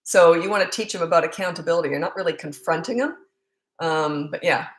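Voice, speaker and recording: A woman's voice: on the low side, fairly quick. A middle-aged woman, a parenting coach, answering viewer questions in a frank, chatty way full of stories and fillers. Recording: roomy echo.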